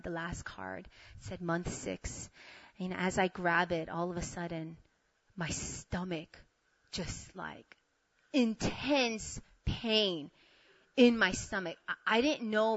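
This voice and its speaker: A young woman telling a personal story to her audience, animated, laughing and acting out both sides of the conversation. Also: mid-range voice, no echo. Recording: dull lo-fi sound.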